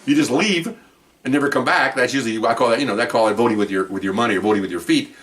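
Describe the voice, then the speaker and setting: A man spins a casual story for his podcast, rambling and animated, with laughter breaking in now and then. His voice sits at a middle pitch. He is recorded from a little way off the mic. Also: rapid-fire, recorded from a distance. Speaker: podcast host telling cop stories.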